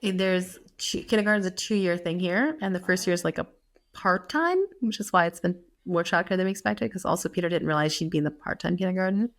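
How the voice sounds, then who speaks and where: A woman from the US in her thirties, co-hosting a podcast, talks a little fast in a lowish voice. She keeps things casual, using many fillers and laughing often.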